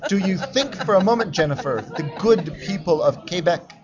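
Casual male co-host, higher-pitched, teasing and mock-grand, dull lo-fi sound with a crowd behind. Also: expressive, normal speed, over music. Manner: playful, mock-pompous. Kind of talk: casual chat. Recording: lo-fi recording with crowd chatter behind.

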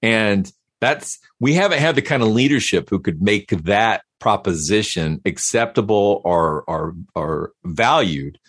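A man talking casually as a podcast guest, animated and given to repeating words as he starts a thought. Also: on the low side, measured pace, hardly any pauses, no room sound, studio quality. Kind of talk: casual conversation.

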